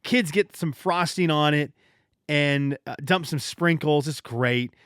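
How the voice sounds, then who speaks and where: A man in his thirties hosting a casual solo podcast, telling stories in an animated, joking way and often restarting his sentences. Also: on the high side, slow pace, clear, resonant tone, dry recording, studio quality. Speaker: podcast host.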